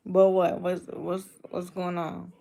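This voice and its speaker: A young woman chats on her livestream and answers comments. Her voice is low and gravelly, and she talks in a hurt, halting way, often repeating herself. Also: mellow. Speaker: livestream host. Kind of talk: casual live chat reading comments.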